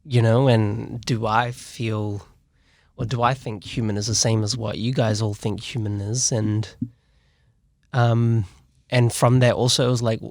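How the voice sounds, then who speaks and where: A man's voice: on the low side, little pitch movement, measured pace, darkish tone, dry recording, clean studio sound. A man with a New Zealand accent, a podcast guest chatting casually and reflectively, with lots of "man" and "like". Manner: laid-back, drops "man" and "like" often. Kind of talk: casual chat. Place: podcast studio.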